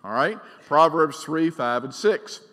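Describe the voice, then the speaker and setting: A man's voice: fairly high pitch, animated, a little slow. Emphatic middle-aged male pastor preaching. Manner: emphatic, swings from loud to quiet, asks the congregation questions. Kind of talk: sermon. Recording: long reverb of a large church hall.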